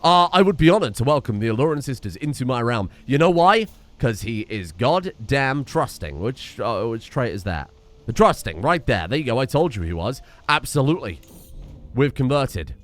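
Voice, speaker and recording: Young male streamer, wry and sarcastic, animated pitch, mid-range voice; narrates game events between quips. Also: moderate pace. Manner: wry, sarcastic asides while reading game text aloud. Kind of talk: let's-play commentary.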